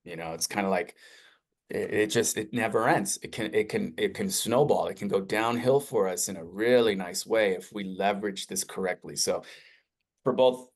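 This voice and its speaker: A man presenting a live webinar software demo in an energetic, conversational sales style. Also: normal speed. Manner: energetic, conversational salesy pitch with rising emphasis.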